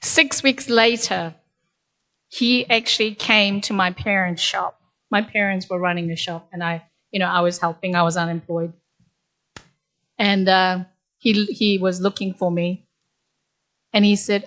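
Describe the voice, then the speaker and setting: A woman's voice: medium pitch, fairly even intonation, measured pace, pauses often, a bit bright. A middle-aged woman from Korea, a guest speaker telling personal stories at a graduation in a conversational, candid way. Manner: conversational, candid, with frequent "actually". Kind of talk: ceremonial speech, personal storytelling.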